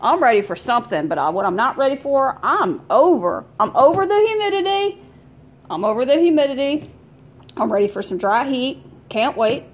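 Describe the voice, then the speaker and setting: A woman's voice: high voice, sing-song, normal speed. A woman hosting a podcast, chatting casually to her listeners with jokes and rhetorical questions. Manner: chatty, joking, rhetorical asides to the audience. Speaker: podcast host.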